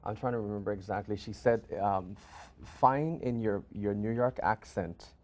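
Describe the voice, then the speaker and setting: Guy hosting a chat show, kinda hesitant, lots of pauses. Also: lowish voice. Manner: hesitant, many ums and restarts. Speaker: talk show host. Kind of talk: casual interview chat.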